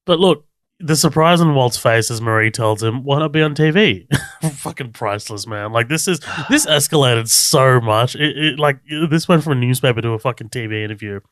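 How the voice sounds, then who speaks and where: A man's voice: medium pitch, moderate pace, fairly bright tone, no room sound, studio quality. A man co-hosting a podcast, casually recapping a TV episode, laid-back, swearing freely and laughing often. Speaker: podcast co-host.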